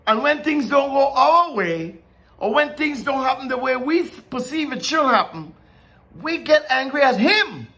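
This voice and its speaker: High bright-voiced man preaching slow and casual, lots of questions. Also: expressive. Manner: conversational, asks many questions, laughs often. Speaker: Bible teacher. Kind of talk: informal sermon.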